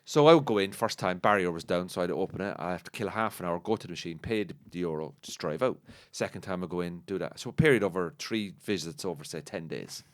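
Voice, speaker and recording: A man's voice: low voice, fast talker, hardly any pauses. An Irish man, a comedian and radio presenter, telling profane anecdotes in casual podcast chat, with many restarts.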